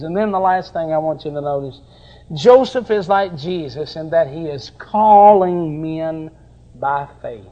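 A middle-aged man preaching a sermon with passion, dropping at times to soft, tender passages. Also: fairly high pitch, lo-fi sound.

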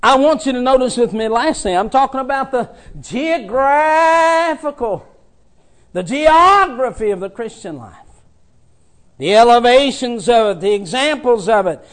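A man preaching a sermon as a traveling preacher, fervent, swinging from soft passages to loud ones. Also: extremely high pitch, animated, measured pace.

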